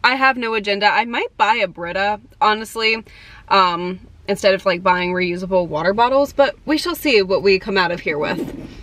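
A bubbly young woman talks straight to her phone camera in a casual vlog. She gushes excitedly and fills her sentences with "like". Her pitch sits in the middle of the range for a woman. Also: normal speed, slight background noise. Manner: bubbly and gushing, frequent "like" fillers. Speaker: vlogger. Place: at home, in a car and in stores.

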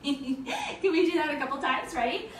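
A woman's voice: sits high, moderate pace, fairly bright tone, roomy sound, far from the mic, a little hiss or hum. A woman teaching a family yoga class for children, giving cheerful, encouraging instructions and making animal sounds.

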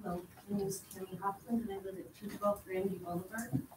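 A middle-aged woman gives public comment at a council meeting in the council chamber, speaking quickly in a medium-pitched voice with fairly even intonation. She's emotional and pleading, her voice rising as she grows upset. The distant mic picks up an echoey hall and background noise.

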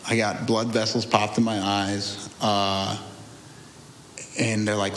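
A man's voice: on the low side, little pitch movement, takes it slowly, long pauses, a bit bright, slight background noise. A young man telling his own testimony in a candid, rambling conversational way, often restarting and laughing through hard memories. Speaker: guest sharing a testimony. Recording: echoey room with faint ambience.

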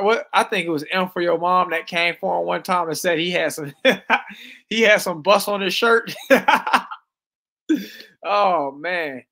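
A man's voice: a little high, sharp tone. A man doing casual live-stream commentary, loose and slangy, reading chat messages aloud as he reacts to a clip.

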